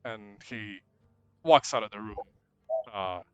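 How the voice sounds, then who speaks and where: A man's voice: on the low side, slow pace, a bit bright, smooth. A man narrating a tabletop game as game master, rambling and hesitant with many restarts.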